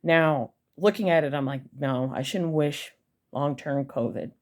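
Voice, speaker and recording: A woman's voice: low-pitched, measured pace. A young woman telling an angry personal story to her viewers, blunt, heated and full of swearing. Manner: blunt, profane and heated, addressing viewers directly. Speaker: vlogger.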